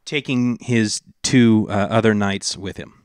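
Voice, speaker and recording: A man narrating a tabletop game as dungeon master, slow and halting with many fillers. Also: on the low side, clear, resonant tone, no echo, clean studio sound.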